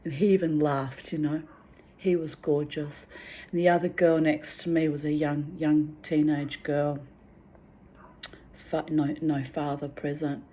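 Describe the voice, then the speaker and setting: A woman's voice: sits low, level tone, a little slow, warm tone, breathy edge. A middle-aged woman recounting personal memories in a candid, rambling way. She talks frankly, swears freely and restarts her sentences often. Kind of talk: candid spoken reflection.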